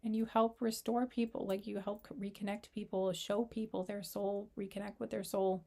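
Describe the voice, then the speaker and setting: A woman talking through a tarot reading with a mellow, darkish tone. She rambles and restarts, reaching for the right word, and her voice is wearing thin, so she keeps it low and close to the microphone. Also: flat delivery, normal speed, creaky. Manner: rambling, searching for words with many "like"s and restarts. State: losing her voice. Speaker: tarot reader. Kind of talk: casual tarot reading to camera.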